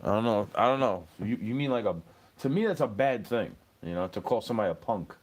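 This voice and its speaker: A man's voice: lowish voice, animated, fast talker. A man in his thirties hosting a podcast, telling stories in a casual, rambling monologue. He swears freely and keeps laughing at his own jokes. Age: 30s. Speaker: podcast host.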